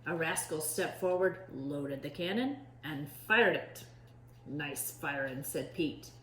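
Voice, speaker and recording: A woman teacher reading a storybook aloud to children with expressive storytelling. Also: deep voice, a little slow, slight background noise. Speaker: preschool teacher. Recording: echoey room.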